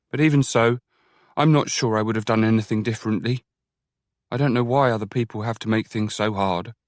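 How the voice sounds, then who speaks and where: A man giving reflective, gently wry first-person audiobook narration. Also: mid-range voice, no room sound, studio quality.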